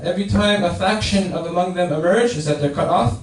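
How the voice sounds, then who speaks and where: A man explains a hadith in a Friday sermon, animated and fairly high-pitched, at a moderate pace with few pauses, often repeating and restarting his phrases. Recorded in an echoey mosque prayer hall from a distant mic, with faint noise.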